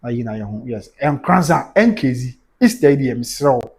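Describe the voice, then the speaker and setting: A Ghanaian man hosting a casual livestream news commentary, animated and exclamatory, mixing Twi with English. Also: mid-range voice, normal speed, breathy edge.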